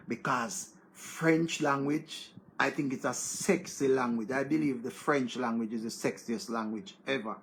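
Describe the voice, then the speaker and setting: Excitable Jamaican man with a gravelly voice. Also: fairly high pitch. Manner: excitable, exclaims and repeats words. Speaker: online show host. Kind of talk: casual commentary in Patois-laced English.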